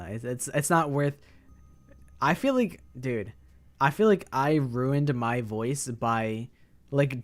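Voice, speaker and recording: A young man streaming a game, chatting casually, rambling and swearing with lots of fillers. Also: mid-range voice.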